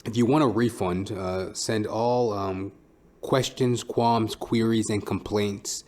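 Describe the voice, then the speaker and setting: A man's voice: on the low side, fairly even intonation, slow pace, a little mellow. A man who is a stand-up comedian, hosting his own podcast in a blunt, profane, rambling monologue.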